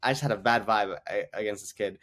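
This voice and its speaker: A man's voice: fairly low pitch, fast talker, a bit bright. A man in his twenties from Canada, a guest comedian telling rambling anecdotes full of "like.". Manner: rambling anecdotes, heavy use of "like". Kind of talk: casual podcast storytelling.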